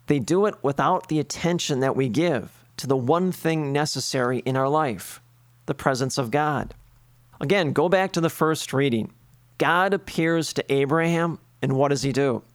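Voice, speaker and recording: A man's voice: fairly high pitch, no echo. Man preaching a sermon, dry sound. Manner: earnest preaching with lists and rhetorical questions. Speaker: priest.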